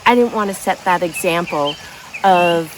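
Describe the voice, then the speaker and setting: A woman's voice: fairly low pitch, normal speed, noisy background. A woman, telling her own story frankly and bluntly as a vlogger, outdoors by a river. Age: 50s. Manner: blunt, frank, laughs between lines. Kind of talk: candid personal storytelling.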